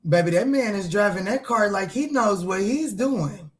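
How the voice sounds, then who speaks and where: With a medium-pitched, expressive voice at a normal speed, a middle-aged tarot reader banters playfully during a livestream. Laughter comes easily as she answers her audience's comments.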